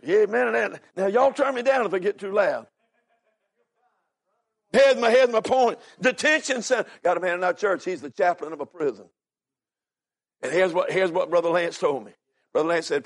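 High-voiced fervent preacher in his seventies. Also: moderate pace, gravelly, pauses often. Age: 70s. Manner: fervent, swinging from hushed storytelling to shouted cries; peppers talk with "amen" and "are you listening". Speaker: visiting preacher. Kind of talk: sermon.

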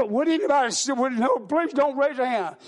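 A male preacher delivers a sermon in a very high-pitched voice. He talks in a folksy way, checking in with his congregation and often circling back to repeat and restart his words. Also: expressive, normal speed.

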